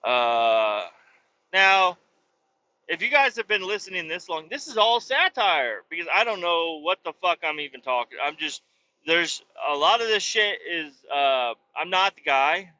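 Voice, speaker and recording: A man's voice: sits high, animated, normal speed, sharp tone, no echo, highs cut off. A man hosting a podcast, ranting in a rambling comedic way with lots of swearing and filler words. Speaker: podcast host. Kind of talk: comedic political rant.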